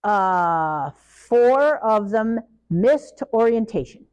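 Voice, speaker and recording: A middle-aged woman giving a live training talk, lively and acting out the people she quotes. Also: on the high side, drawn-out words, smooth, highs cut off. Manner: animated, acts out parents and children in quoted voices.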